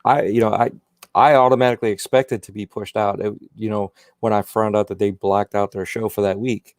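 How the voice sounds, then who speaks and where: A man's voice: on the low side, little pitch movement, brisk, no room sound, studio quality. A man talking as a guest on a casual podcast, rambling and repeating himself with many "you know"s. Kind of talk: casual chat.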